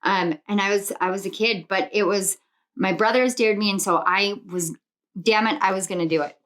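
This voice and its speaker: A woman's voice: medium pitch, steady tone, moderate pace, a bit bright. A woman giving a spiritual pick-a-card tarot reading. She speaks earnestly and reassuringly, stacks affirmations in rhythmic lists and drifts into personal tangents. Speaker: tarot reader.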